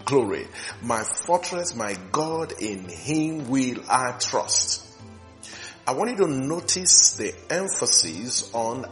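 A male pastor teaching a recorded sermon, reading scripture slowly and repeating key lines for emphasis. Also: medium pitch, big pitch swings, a bit bright, faint music behind.

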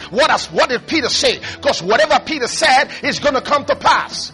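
A man preaches a sermon in a very high, animated voice. His tone is bright and forceful, and he often shouts and calls for the congregation to answer. Faint music plays underneath. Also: moderate pace, few pauses. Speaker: pastor.

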